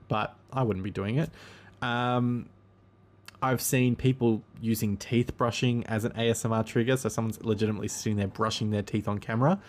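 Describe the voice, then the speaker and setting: A man's voice: on the low side, darkish tone. A man hosting a casual solo podcast monologue, rambling and easygoing, with frequent ums and self-corrections.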